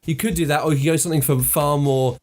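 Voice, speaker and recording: A man's voice: on the high side, fairly even intonation, darkish tone. A man co-hosting a podcast, eagerly riffing on story ideas in casual chat. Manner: enthusiastic, quick to riff on ideas. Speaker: podcast co-host.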